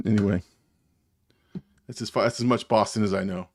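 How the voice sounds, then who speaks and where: A man's voice: fairly low pitch, fairly even intonation, normal speed, gravelly, long pauses. Jersey dude rambling on his live stream, chuckles a lot, loose and chatty. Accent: New Jersey. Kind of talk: casual live-stream chat.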